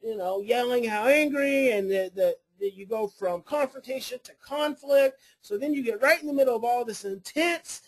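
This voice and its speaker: A man, an adoption coach and therapist, telling a story to his class in a lively way and acting out the people in it. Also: very high voice, normal speed, few pauses. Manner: animated storytelling, acts out quoted voices.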